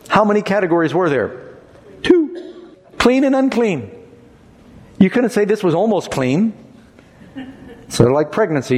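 A man preaching a sermon in a lively, conversational way, asking his congregation questions as he teaches. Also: high voice. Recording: long hall reverb.

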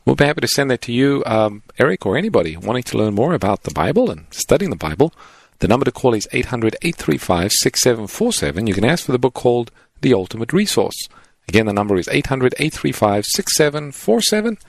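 A man co-hosting a call-in Bible radio show, reading phone numbers and introducing callers in a brisk announcer manner. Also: medium pitch, sing-song, vocal fry, dry recording. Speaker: radio co-host. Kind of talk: announcing calls and offers on radio.

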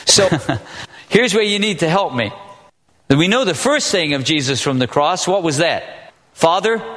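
A man preaching a sermon as pastor, earnest and emphatic, with dramatic pauses. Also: sits high, a bit bright. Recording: long reverb of a large hall.

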